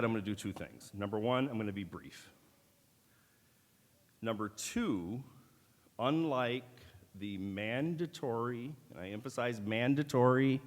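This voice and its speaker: A middle-aged man giving a formal keynote speech at a medical school ceremony, in a measured, deliberate manner with wry asides. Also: lowish voice. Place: large auditorium. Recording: long hall reverb from a large auditorium.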